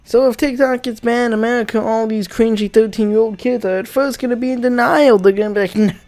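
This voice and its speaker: A man's voice: very high voice, steady tone, quick pace, darkish tone. Profane sarcastic young ranting man. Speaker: YouTuber. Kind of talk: comedic rant commentary.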